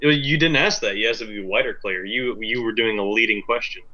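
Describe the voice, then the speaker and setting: A young American man chatting on a podcast, teasing his friends in a dry, deadpan way. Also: fairly low pitch, fast talker. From United States. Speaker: podcast co-host. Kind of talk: casual chat. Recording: dull lo-fi mic.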